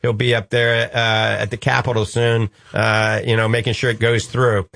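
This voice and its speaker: A man's voice: lowish voice, level tone, normal speed, creaky, fairly bright tone, no echo, clean studio sound. A man with a New Orleans accent hosting a call-in radio show, upbeat and reassuring with a joking streak.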